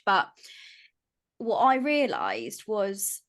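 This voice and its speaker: Young woman podcast host, chatty, halting questions, casual. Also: medium pitch, very animated. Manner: friendly, hesitant with fillers and restarts. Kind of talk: casual conversational interview.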